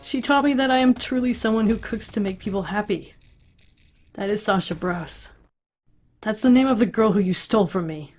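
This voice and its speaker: Vengeful young cook, voiced by a woman: grim and bitter, low-key. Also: moderate pace, a little mellow, faint music behind, natural voice.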